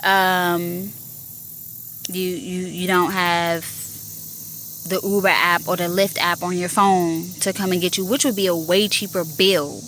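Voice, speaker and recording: Her voice sits on the low side and is a bit bright, with slight background noise in the recording. She's a podcast host talking casually and alone about working as a 911 telecommunicator, stressing and repeating her points.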